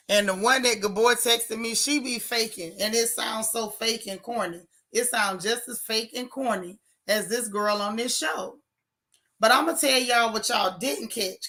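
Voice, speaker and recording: A woman's voice: on the high side, pushed and bright. A woman hosting a casual live chat, blunt and sassy, reading viewer comments aloud. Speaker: livestream host.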